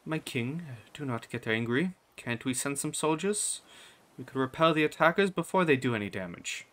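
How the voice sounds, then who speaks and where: A man doing a soft, soothing queen. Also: mid-range voice, lively intonation, normal speed, pitched above the performer's own voice, close to an everyday voice. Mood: calming. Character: calm, gentle queen, a soothing adult woman.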